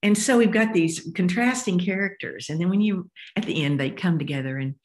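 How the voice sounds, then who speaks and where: An older woman, an author talking as a guest in an interview, explaining warmly and acting out voices as she goes. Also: on the low side, brisk. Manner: expressive, acts out voices while explaining. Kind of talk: interview conversation.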